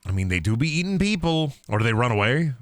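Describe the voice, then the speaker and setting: A man's voice: mid-range voice, sing-song, fast talker, dry recording. A young man streaming a video game, joking around in a goofy, playful way and slipping into silly voices. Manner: goofy, jokey, often putting on silly voices. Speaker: gaming streamer.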